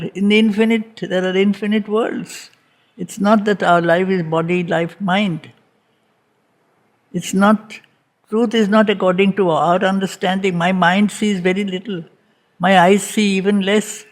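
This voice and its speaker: A woman teaching a reading group, giving a spiritual lecture on a poem and repeating phrases for emphasis. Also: medium pitch. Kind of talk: slow spiritual lecture on poetry.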